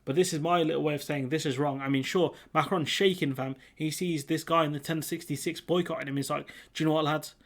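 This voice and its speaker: A man's voice: on the high side, steady tone, fairly quick, few pauses. A young man hosting a casual commentary video, talking in a sarcastic, mocking, conversational way. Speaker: commentary channel host.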